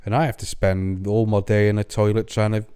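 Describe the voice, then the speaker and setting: Sardonic low-voiced man. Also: flat delivery, mellow, clear, resonant tone. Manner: quick, sardonic banter, swearing casually. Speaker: podcast co-host. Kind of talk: absurdist comedy chat.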